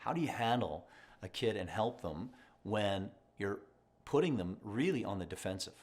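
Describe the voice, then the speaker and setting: A middle-aged man, a mindset coach, giving animated reaction commentary, often tossing in "right?" and acting out little parent and child exchanges. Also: lowish voice, normal speed. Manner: animated, conversational, frequent "right?" asides, acts out parent and child voices.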